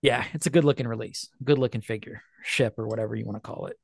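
A man's voice: medium pitch, fairly even intonation, quick pace, gravelly, husky, no room sound, studio quality. A man co-hosting a collectibles podcast in casual chat, joking and laughing often. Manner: jokey, laughs often, slips into silly impressions. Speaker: podcast co-host.

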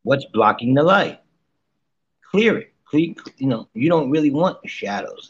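A man with a fairly high-pitched voice chats loosely with his listeners and reads tarot cards. He teases people, then drops into soft asides. The sound is dull and lo-fi, like an online audio room. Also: slightly rough. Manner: playful, animated, teasing, with sudden soft asides. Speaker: host giving tarot readings. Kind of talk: casual live chat-room talk.

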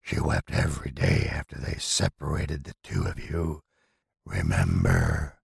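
A towering shadow entity with burning eyes murmurs in a deep, breathy half-whisper. Every word comes slow and menacing. The sound is close and dry, with no room around it. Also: male voice, sing-song, dry recording, full character voice. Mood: ominous. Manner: slow, ominous. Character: menacing shadowy male entity, tall, red-eyed. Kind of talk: dramatic storytelling narration.

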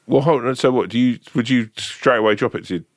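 Speaking briskly in a mid-range voice, this man co-hosts a podcast, spinning long, rambling, jokey stories with casual swearing. It's a relaxed chat captured in clean studio sound without any room sound.

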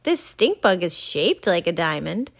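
A woman's voice: on the low side, very animated, unhurried, vocal fry, husky, full character voice. Woman playing Lockie, an imaginative child. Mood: cheerful.

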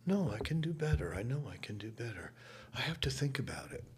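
A man voicing a gentle, self-doubting stage actress in her sixties, in a soft, breathy whisper. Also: low voice, wildly swooping pitch, normal speed, a little hiss or hum, exaggerated voice. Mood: doubtful. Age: 60s. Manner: intimate, hushed, tender.

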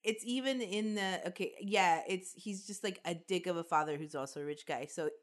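A woman's voice: fairly low pitch, normal speed. A woman co-hosting a podcast in a casual chat, reading from notes with frequent fillers and easy laughs. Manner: chatty, frequent "like" and "um", laughs easily. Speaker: podcast co-host.

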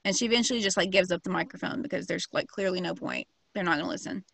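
A woman's voice: lowish voice, racing, vocal fry, a bit bright, dry recording. Brief: a woman, casual storyteller, slangy and sweary, dry close sound. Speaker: podcast co-host telling a true crime story. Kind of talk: casual chat.

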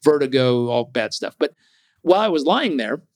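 A man telling a personal story as an interview guest, animated and acting out what others said. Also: medium pitch, moderate pace, no echo, clean studio sound.

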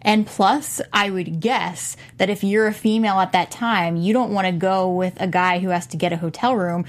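A woman's voice: mid-range voice, fairly even intonation, normal speed. A woman with a mid-range voice talks through her take on a film, laying out her reasoning step by step. The delivery is conversational and thoughtful. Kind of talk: casual film discussion.

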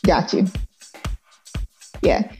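A woman co-hosting a casual sports chat, measured and agreeable. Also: dark tone, faint music behind. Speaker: co-host.

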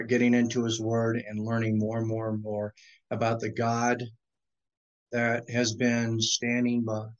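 A man speaking as a podcast guest, steady and earnest about his faith. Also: mid-range voice, lo-fi sound. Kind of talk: earnest faith talk in an interview.

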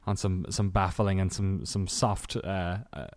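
A man's voice: low voice, steady tone, a little slow, no echo. A man co-hosting a podcast, chatting casually from a small home room, rambling and joking with frequent laughs. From Ireland. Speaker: podcast co-host. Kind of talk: casual chat.

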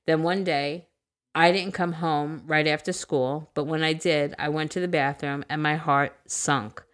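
A woman with a low-pitched voice reads a listener's story aloud on a casual podcast. She keeps it loose and animated, tossing in crude jokes and laughing as she goes. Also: unhurried. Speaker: podcast co-host reading listener stories.

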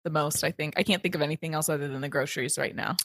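A woman's voice: deep voice, steady tone, racing, a bit bright, no room sound, studio quality. A young woman from the United States, a podcast guest, chatting casually and laughing often as she tells stories. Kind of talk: casual chat.

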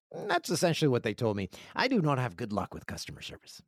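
A middle-aged man hosting a podcast solo, his pitch swinging freely as he jokes his way through listener letters. The sound is close and dry, with almost no room around his voice. His storytelling is animated and self-deprecating. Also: fast talker, few pauses, dry recording. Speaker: podcast host. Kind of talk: casual podcast monologue, reading listener mail.

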